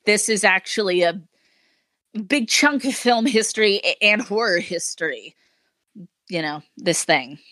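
A woman's voice: medium pitch, expressive, unhurried, pushed and bright, no room sound. Woman cohosting a podcast, chatty and wry, dry close mic sound. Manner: chatty, laughs often, wry asides. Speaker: podcast co-host. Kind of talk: casual chat.

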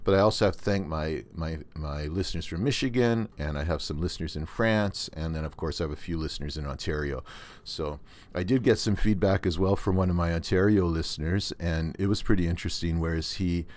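An older Canadian man with a very low, deep voice hosts his podcast alone. He talks casually and earnestly, rambling and restarting his sentences as he goes. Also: a little fast, a little mellow. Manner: rambling, with many restarts and fillers. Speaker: podcast host. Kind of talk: casual monologue.

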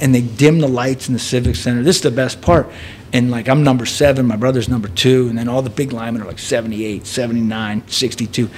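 A man's voice: medium pitch, darkish tone, a little hiss or hum. A man in his thirties telling a story in casual chat, chatty, often laughing and restarting his sentences. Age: 30s.

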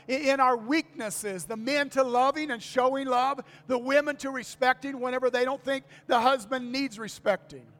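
High-voiced older male preacher, reverberant hall. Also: fairly bright tone. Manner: folksy, repeats key phrases, asks the congregation for amens. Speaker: pastor. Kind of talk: sermon. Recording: long reverb of a church hall.

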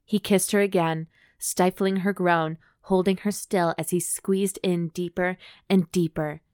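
A woman's voice: fairly low pitch, steady tone, a little slow, darkish tone, clear, resonant tone, dry recording, clean studio sound. A woman co-hosting a podcast, reading a romance novel aloud steadily and breaking off for wry jokes. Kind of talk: dramatic reading with joking commentary.

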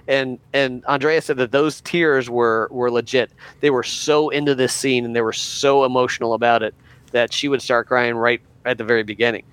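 A man's voice: medium pitch, steady tone, moderate pace, a bit bright, clean tone, dry recording. Man retelling behind-the-scenes stories. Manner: retells stories with restarts and quotes. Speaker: podcast co-host. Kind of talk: casual chat.

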